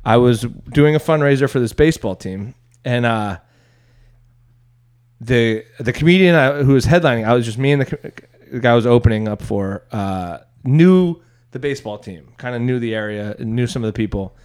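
A young man, a stand-up comedian, telling a story in casual chat, rambling with restarts and bursting into loud voices for other people. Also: mid-range voice, lively intonation, normal speed, clean tone. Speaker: stand-up comedian, podcast co-host.

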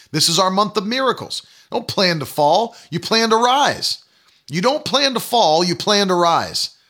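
A man's voice: sits high, pushed and bright. A man in his thirties preaching a sermon, emphatic and repetitive, mocking the doubters he quotes. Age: 30s. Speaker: pastor.

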